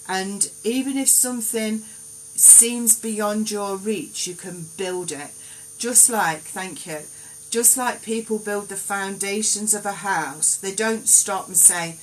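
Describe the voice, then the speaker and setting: A woman giving gentle, reassuring card readings on a live stream, in an unhurried, meandering way. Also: medium pitch, slight background noise, poor audio. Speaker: psychic card reader.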